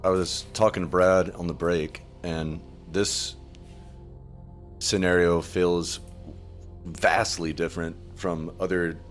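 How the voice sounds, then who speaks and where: A man's voice: sits low, level tone, slow, faint music behind. A man chatting casually as a tabletop game player, rambling and laughing as he talks.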